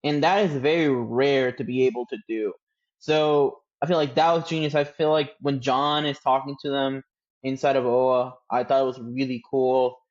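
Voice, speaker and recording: Podcast dude laying out his takes calmly, kinda muffled lo-fi audio. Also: mid-range voice, normal speed. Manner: thoughtful, steady, explains his opinions at length. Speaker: podcast co-host. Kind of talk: casual chat.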